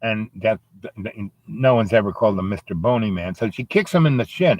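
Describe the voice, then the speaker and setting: A man's voice: medium pitch, brisk, dry recording. Man telling a rambling story. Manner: meandering, lots of fillers and asides.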